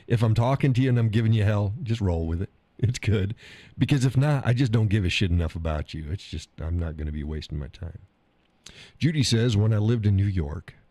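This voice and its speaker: A man's voice: lowish voice, warm tone, no echo. A middle-aged man with an Oklahoma accent, hosting a live stream and chatting casually about the chat messages, teasing and laughing often.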